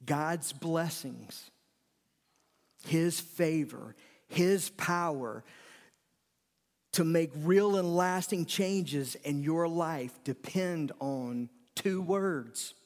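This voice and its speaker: A middle-aged man preaching a sermon, conversational, with emphatic repetitions and sudden rises in energy. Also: on the high side. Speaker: pastor. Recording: long reverb of a large hall.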